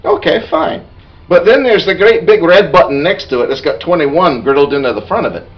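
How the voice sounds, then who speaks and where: Playing a bragging, bawdy dwarf warrior, a man recounts a meandering tavern yarn in character as part of in-character storytelling. His natural, slightly high voice is animated and brisk, captured far from the mic with the highs cut off.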